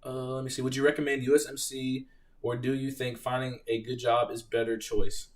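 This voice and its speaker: A man's voice: medium pitch, a little fast. Young man answering live chat, slightly distant mic. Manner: reads viewer questions, animated profane storytelling. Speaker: live stream host, Marine veteran. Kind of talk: casual live Q&A.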